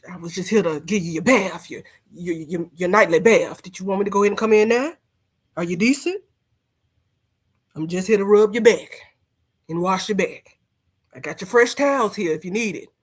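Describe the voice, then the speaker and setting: Woman doing a low, stuttering, jittery manservant bit, comic podcast impression. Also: moderate pace, pauses often, close to an everyday voice. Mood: nervous. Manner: heavy stutter, hesitant. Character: stammering timid servant man, nervous and eager.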